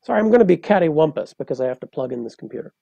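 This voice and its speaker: A man, a poet and translator, explaining in a measured, lecturing way on a podcast, with frequent hesitations. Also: fairly high pitch, expressive, vocal fry, dark tone, breathy edge, no room sound, lo-fi sound.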